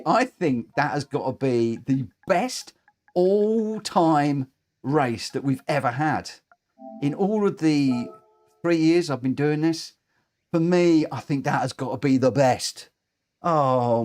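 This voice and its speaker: A man commentating a racing game live, excitable, cheering drivers on and breaking into shrieks of laughter. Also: on the high side. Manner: cheers drivers on with repeated phrases.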